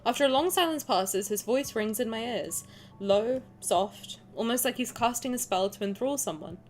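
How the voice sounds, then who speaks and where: A young woman streamer playing a story game, reading the narration aloud and reacting in a chatty, animated way, often laughing. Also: on the high side, moderate pace, soft background music.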